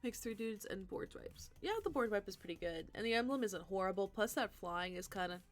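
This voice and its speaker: A woman's voice: mid-range voice, fairly quick, faint music behind. A woman hosting a live stream, chatting casually and answering viewers' comments as she thinks aloud. She is tired and sleepy. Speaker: livestream host.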